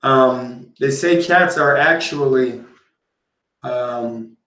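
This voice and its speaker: A man's voice: mid-range voice, extremely slow, pushed and bright, roomy sound, rough recording. A man hosting a livestream, chatting casually and meandering with lots of ums. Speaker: livestream host reacting to a video. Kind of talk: casual rambling chat.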